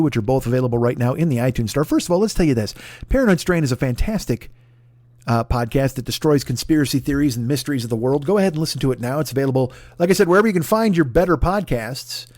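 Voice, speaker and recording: A man's voice: mid-range voice, darkish tone, no echo, studio quality. A man in his forties hosting a podcast, talking casually with a profane, rambling, mock-boastful manner. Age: 40s. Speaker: podcast host. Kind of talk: casual comedic podcast plug.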